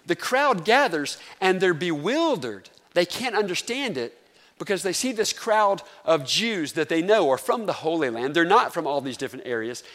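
A Southern man with a North Carolina accent preaches to his congregation in an easy, conversational way and often throws questions out to the pews. His voice sits a little higher than most men's, and it rings out with a long reverb through the sanctuary. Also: very animated, moderate pace, a bit bright. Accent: Southern American, North Carolina. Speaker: pastor. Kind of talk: sermon.

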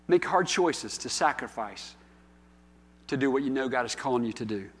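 A man's voice: a little high, fairly bright tone. A man in his fifties, a pastor preaching a sermon in a storytelling, conversational style that rises into emphatic calls. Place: church hall. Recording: long hall reverb.

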